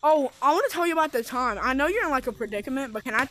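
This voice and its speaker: A woman's voice: high-pitched, lively intonation, rapid-fire, a bit bright. A woman vlogging casually while playing a VR game, rambling and telling stories full of fillers through a headset mic. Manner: rambling, chatty storytelling with many fillers. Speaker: gaming vlogger. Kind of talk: casual gameplay chatter.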